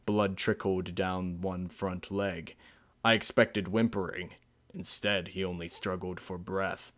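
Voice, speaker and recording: A man reading a dark story aloud, his deep voice unhurried and grave. Each phrase is placed deliberately, and there is a bright, forceful clarity on top of the low register. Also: level tone. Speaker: narrator. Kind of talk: dramatic fan-fiction reading.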